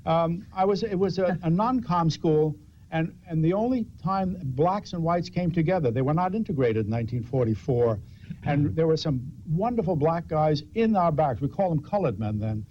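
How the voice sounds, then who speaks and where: Older male guest, wry self-mocking storyteller, slightly higher voice, dull lo-fi TV sound. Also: animated, normal speed. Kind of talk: storytelling in a TV talk show interview. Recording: dull lo-fi TV audio with faint hiss.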